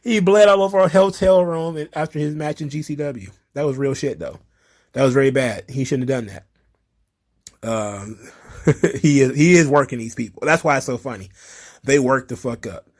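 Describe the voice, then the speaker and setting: A man's voice: mid-range voice, moderate pace, darkish tone. A man hosting a casual commentary video, reading tweets aloud and mocking them with laughter and profanity. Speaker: commentary channel host.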